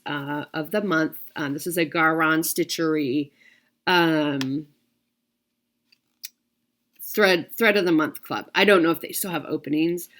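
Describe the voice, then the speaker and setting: A woman with a slightly low voice chats casually to her viewers, trailing off and circling back as she goes. She fills her sentences with ums and restarts. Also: fairly bright tone. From United States. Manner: chatty, filler-heavy, frequent restarts. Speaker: cross-stitch video host.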